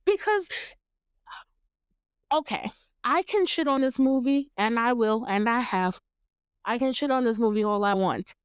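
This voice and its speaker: A woman's voice: on the high side, expressive, a little slow, long pauses, clear, resonant tone, no room sound, studio quality. A woman in her late twenties hosting a podcast, giving a casual and candid recap of a movie, cursing freely and laughing often. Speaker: podcast host.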